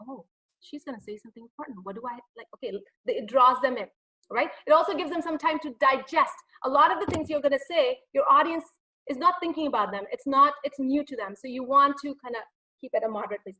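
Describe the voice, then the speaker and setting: A woman public speaking coach giving an energetic, chatty webinar talk, full of fillers and asides to her audience. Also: sits high, distant mic, low-quality recording. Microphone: computer mic in a webinar.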